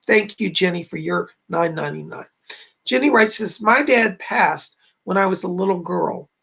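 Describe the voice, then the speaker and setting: Gravelly husky man giving psychic readings. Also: sits high, normal speed, fairly bright tone. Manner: chatty, reading messages aloud. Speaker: psychic medium host. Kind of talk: livestream reading viewer messages.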